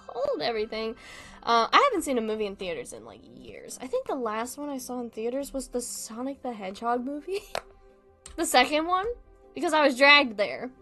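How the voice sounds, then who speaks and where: A woman's voice: high-pitched, sing-song, fairly quick, bright, forceful tone, soft background music. A woman streamer in casual livestream chat, rambling along and laughing often.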